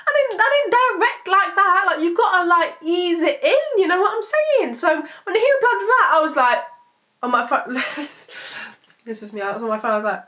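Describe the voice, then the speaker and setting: A woman's voice: very high voice, very animated, normal speed, a bit bright. A woman, telling a personal story to camera in a rambling, emotional way, swearing freely. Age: 20s. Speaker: vlogger. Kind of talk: casual storytelling vlog.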